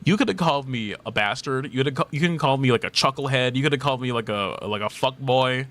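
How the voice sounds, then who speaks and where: Casual male streamer in his thirties, playful and teasing, average pitch. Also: fast talker, a bit bright. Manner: playful, teasing, laughs often. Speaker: streamer reading chat. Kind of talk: casual chat.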